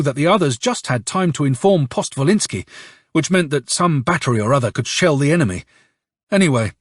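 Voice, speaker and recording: A man reading an audiobook, playing a hoarse, bitter young officer who tells his story with curses and sarcasm. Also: on the high side, dry recording, studio quality. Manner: angry, sardonic storytelling with curses. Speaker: audiobook narrator.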